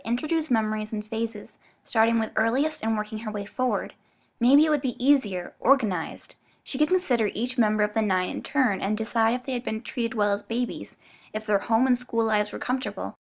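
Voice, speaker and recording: A woman narrating an audiobook in a measured, even storytelling manner. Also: fairly high pitch. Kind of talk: scripted narration.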